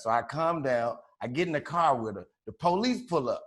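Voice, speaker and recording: Laughing along as he goes, a man from Chicago co-hosting a podcast rattles off a wild story in relaxed, profane slang. He talks briskly with few pauses, and his slightly high voice is animated.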